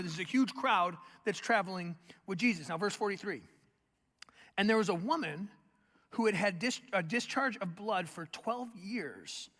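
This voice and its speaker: A young man preaching a sermon, telling the story in a lively, animated way and acting out the voices of its people. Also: high voice. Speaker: pastor. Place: large church hall. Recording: long hall reverb.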